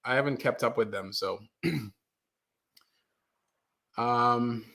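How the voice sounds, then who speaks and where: A man's voice: mid-range voice, slow, sharp tone. A man hosting a casual live stream from a basement, chatting with viewers, reading their comments aloud and apologizing when the stream freezes. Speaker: livestream host. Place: mother's basement.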